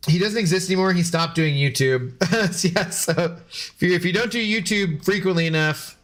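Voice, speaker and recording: A gaming streamer with a high, slightly bright voice talks at normal speed while reading chat. He's a man chatting casually with viewers during a live stream, joking, sarcastic, and swearing freely.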